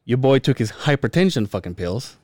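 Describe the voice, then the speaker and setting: A man's voice: medium pitch, big pitch swings, a little fast, darkish tone, dry recording, clean studio sound. A man co-hosting a podcast, telling a story in casual chat, acting out what people said, swearing and laughing often. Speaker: podcast co-host.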